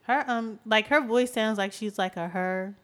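A woman co-hosting a podcast, chatting playfully and casually with friends. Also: on the high side. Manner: chatty, playful, quick to tease. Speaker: podcast co-host. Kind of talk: casual chat.

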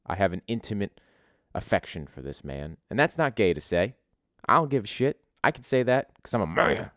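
A man's voice: fairly low pitch, dry recording, clean studio sound. A man hosting a casual podcast, telling a crude, joking story full of swearing. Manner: profane, joking, animated. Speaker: podcast host.

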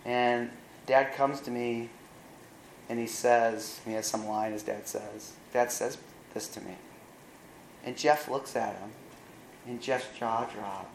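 A man's voice: medium pitch, moderate pace, reverberant, slight background noise, low-quality recording. Man retelling a film in a sermon. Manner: animated retelling with wry asides. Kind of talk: sermon storytelling.

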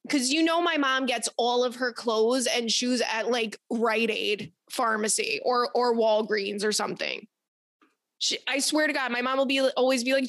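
A woman's voice: high-pitched, moderate pace, a bit bright, dry recording, studio quality. A woman hosting a podcast, chatting casually and animatedly, laughing often. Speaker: podcast host. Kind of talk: casual chat.

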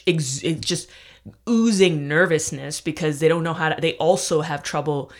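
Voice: medium pitch, normal speed. Rambling, profane comedian podcaster. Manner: profane, rambling, with frequent restarts; self-deprecating and emphatic. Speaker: stand-up comedian. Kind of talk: casual rambling podcast monologue.

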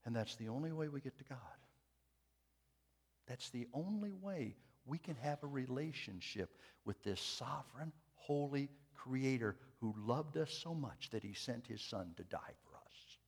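A man preaching a sermon, moving from hushed, quiet phrases to loud emphatic declarations, with light jokes for the congregation. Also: medium pitch, animated, unhurried, slightly rough.

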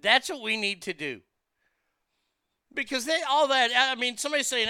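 A man's voice: very high-pitched, animated, moderate pace, pushed and bright, clear, resonant tone, no room sound, clean studio sound. A man hosting a show, delivering a crude, mocking comedic monologue that rambles with restarts. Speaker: radio show host.

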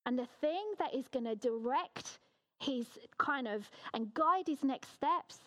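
A woman with a slightly high voice delivers a sermon to her church. She speaks earnestly and with emphasis, at a measured pace. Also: animated. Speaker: preacher.

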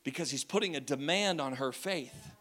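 A man preaching a lively sermon, telling a story with jokes and shouting at times. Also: medium pitch, moderate pace.

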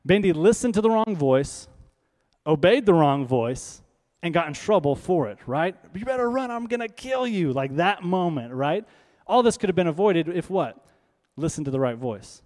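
Man preacher, animated storytelling sermon, higher-pitched voice, long hall reverb. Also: normal speed. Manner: animated, conversational, frequent "right?".

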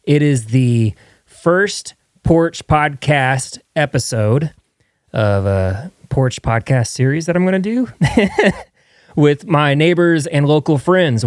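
A man's voice: on the high side, dry recording, clean studio sound. A young man hosting his podcast from home, chatting casually and rambling with self-mocking jokes while streaming live. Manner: rambling and jokey, laughs at himself. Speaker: podcast host. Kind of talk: casual chat.

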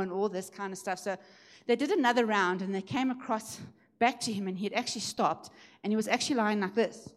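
A woman delivers a sermon testimony. She tells the story in a lively, conversational way. At the key moments she rises and turns emphatic. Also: quick pace. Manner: lively storytelling, rising and emphatic at high points. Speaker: preacher sharing a testimony.

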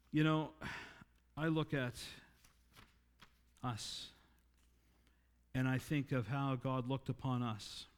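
A man preaching a sermon in an earnest way, rising louder and higher to stress his points and slowing on key lines. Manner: earnest, rises in pitch and volume for emphasis, slows on key lines. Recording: long reverb in a hall.

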